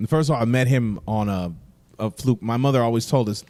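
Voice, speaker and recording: A man, a guest musician, telling stories in a casual podcast chat, halting and soft-spoken. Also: medium pitch.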